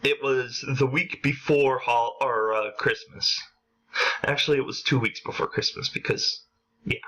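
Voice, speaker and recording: A young adult man vlogs funny personal stories in an unhurried, medium-pitched voice, and the recording is rough. He's animated, acting out quotes by raising his voice.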